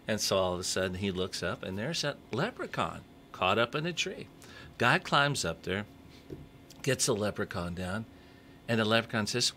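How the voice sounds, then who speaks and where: A man co-hosting a local morning radio show, chatting casually and telling a joke with animated delivery. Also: on the low side, normal speed. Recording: radio studio with faint background noise.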